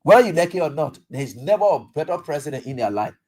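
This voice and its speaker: A radio talk show host with a Liberian English accent, giving an animated political commentary monologue, acting out dialogue and firing off rhetorical questions. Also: mid-range voice, quick pace.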